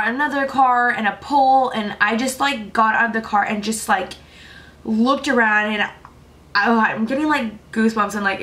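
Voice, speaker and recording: A teenage girl vlogging at home late at night, her voice sitting a little high. She rambles through her stories in a breathless, casual way and leans on filler words. The feel is a personal chat straight to the camera. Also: pushed and bright. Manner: chatty, filler-heavy, breathless retelling.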